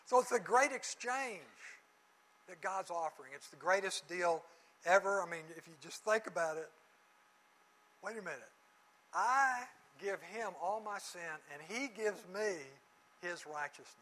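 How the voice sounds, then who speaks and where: A middle-aged man giving a sermon-style Bible lesson, his voice high and bright. He tells stories with lively character voices and jokes. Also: normal speed, rough recording. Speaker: Bible teacher.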